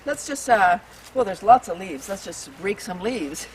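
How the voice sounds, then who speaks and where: In this maple forest tour vlog, the female host speaks at medium pitch, animated but unhurried. She's bubbly, exclaims and laughs a lot, and guides breathing exercises; the mic is distant, with a faint hum of the outdoors.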